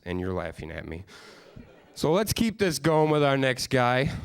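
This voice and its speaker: A man's voice: medium pitch, smooth. A young man hosting a live stand-up special, telling loose, self-mocking stories with crude punchlines on a studio stage. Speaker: stand-up comedian and host. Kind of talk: stand-up comedy set.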